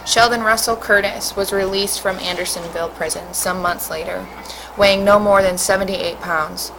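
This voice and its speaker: A woman, a teacher, reading a storybook aloud in a steady, expressive way. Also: medium pitch, normal speed, background noise.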